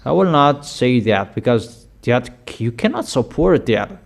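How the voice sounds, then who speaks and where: Slow, emphatic male preacher. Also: medium pitch, lively intonation, gravelly. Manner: emphatic, declaiming, repeating commands. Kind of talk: sermon.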